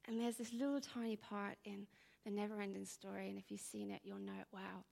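A woman in her thirties giving an informal, rambling talk, telling stories with bursts of animation and hushed asides. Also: mid-range voice, flat delivery, a little fast, vocal fry, long reverb tail. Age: 30s.

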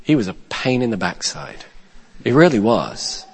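Male pastor, storytelling sermon: animated, loud-to-hushed swings, restarts; big reverberant church hall. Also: medium pitch, measured pace, slightly rough. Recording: long reverb of a large hall.

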